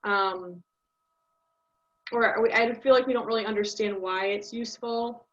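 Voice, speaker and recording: A woman's voice: a little high, steady tone, unhurried. A young woman giving a casual class presentation, thinking aloud with many ums. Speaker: student presenter. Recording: dull lo-fi audio.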